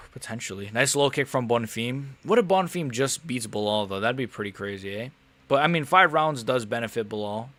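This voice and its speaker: A man's voice: mid-range voice, moderate pace, no room sound. A young man casually commentating a live fight on a stream, swearing and getting worked up, often grumbling under his breath. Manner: casual, swearing, animated and frustrated. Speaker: MMA streamer.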